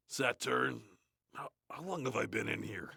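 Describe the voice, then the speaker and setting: Nathan Explosion, a gravelly metal growl. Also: male voice, medium pitch, animated, slow pace, pushed and bright, dry recording, studio quality, full character voice. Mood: bored. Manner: bored, crude, swearing, mumbling asides. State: sore throat. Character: gruff, grumbling male death metal frontman. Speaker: reader of a play. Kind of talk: comedic in-character reading.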